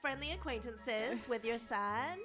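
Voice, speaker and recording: Playful high-voiced woman player. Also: unhurried, music in the background. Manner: playful, giggly. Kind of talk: tabletop game chat.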